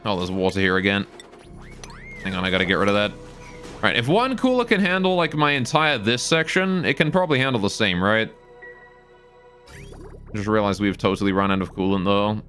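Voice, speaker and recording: A man's voice: on the low side, expressive, brisk, long pauses, fairly bright tone, soft background music. A man live-streaming a game, thinking aloud about his build and answering his chat.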